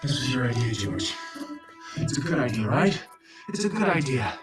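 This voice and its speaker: A man's voice: mid-range voice, big pitch swings, normal speed, natural voice. An actor playing a crude man psyching himself up in front of a mirror, talking to himself in a growling, escalating way. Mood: cocky. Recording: film clip with faint music.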